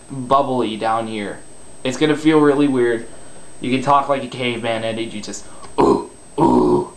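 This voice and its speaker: A man's voice: mid-range voice, slight background noise. A man giving a casual spoken tutorial on screaming, loose and rambling, self-deprecating and crude.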